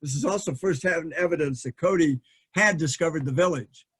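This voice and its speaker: A man's voice: on the high side, brisk, a bit bright, slightly rough. A middle-aged man giving a history lecture from slides, thinking aloud with frequent fillers and restarts.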